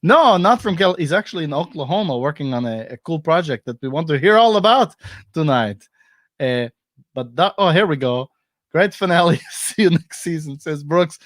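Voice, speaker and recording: A man's voice: a little high, expressive, normal speed, dry recording, studio quality. Playful joking man hosting a stream. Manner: playful, joking, laughs often. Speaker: host. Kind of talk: casual live-stream comedy chat.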